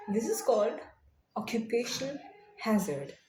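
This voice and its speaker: A young woman with an Indian accent, a teacher, chatting casually in a vlog, animated with soft whispered asides. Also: on the high side, normal speed, slight background noise. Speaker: vlogger. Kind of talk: casual chat.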